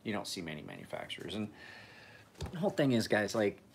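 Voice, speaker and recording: A man's voice: fairly low pitch, huge pitch swings, brisk, gravelly, slight background noise. A man hosting a casual live stream, rambling in a laid-back way, swearing freely and laughing often.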